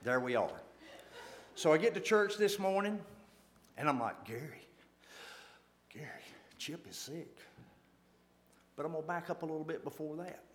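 A man's voice: a little high, lively intonation, fairly quick, a little hiss or hum. Folksy man telling a church story. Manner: folksy, self-deprecating, repeats phrases for emphasis. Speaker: church lay speaker.

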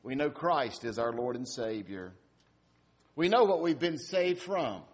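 A man preaching an Easter sermon, telling a story with dramatic swings in loudness. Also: medium pitch, expressive, a little slow. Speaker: pastor.

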